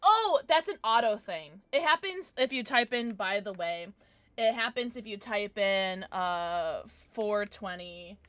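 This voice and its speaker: A woman's voice: mid-range voice, lively intonation, a little slow. A young woman live-streaming, chatting casually and giggling with her viewers. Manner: jumps between soft mumbles and loud squeals. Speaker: livestreamer.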